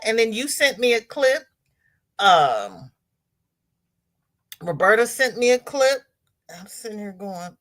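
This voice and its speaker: A woman hosting a casual livestream, greeting chat viewers by name in sing-song hellos and jumping to high exclamations. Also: takes it slowly, long pauses. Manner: chatty and animated, with sudden high exclamations. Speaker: livestream host.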